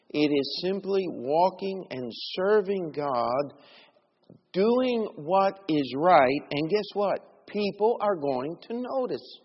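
A middle-aged male preacher with a husky voice, telling stories from the pulpit. His words swing from hushed asides to raised, pressing points. The sound is dull and carries a long church reverb. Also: sits high, lively intonation, takes it slowly. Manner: storytelling, shifting between quiet asides and raised emphasis. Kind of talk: sermon. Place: church sanctuary.

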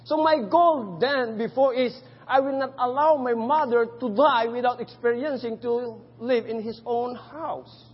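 A man's voice: very high voice, fairly even intonation, unhurried, few pauses, breathy edge. A man with a Filipino accent giving an earnest, emphatic testimony sermon as a missionary preacher. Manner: earnest and emphatic, rising to fervent peaks. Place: church sanctuary. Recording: echoey church hall, dull lo-fi audio.

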